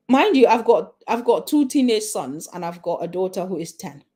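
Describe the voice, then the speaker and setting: A woman's voice: medium pitch, expressive, moderate pace, hardly any pauses, dark tone, breathy edge. A woman in her forties giving a motivational talk to parents as a parenting coach, emphatic, repeating her points and asking the listener questions. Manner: checks in with "okay?".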